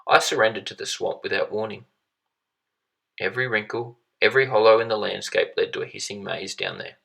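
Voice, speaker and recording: A man reading a short story aloud in a measured, steady storytelling manner. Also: on the low side, creaky, rough recording. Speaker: reader.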